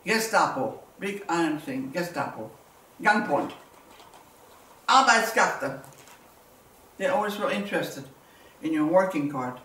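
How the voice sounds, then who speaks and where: A woman's voice: sits low, expressive, moderate pace, fairly bright tone. A woman, giving a personal testimony as a war survivor and telling it vividly with repeated words. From Belgium. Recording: roomy, distant mic, faint ambience.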